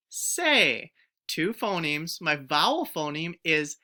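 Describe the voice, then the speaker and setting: A woman teacher giving a recorded phonics lesson to young pupils, stretching out each word sound clearly and encouraging the children to join in. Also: deep voice, animated, measured pace, sharp tone. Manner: encouraging, speaks directly to children.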